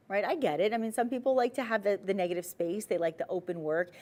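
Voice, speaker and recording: Woman, shopping channel host, persuasive sales pitch, chatty, talks to viewers. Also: fast talker, few pauses, darkish tone.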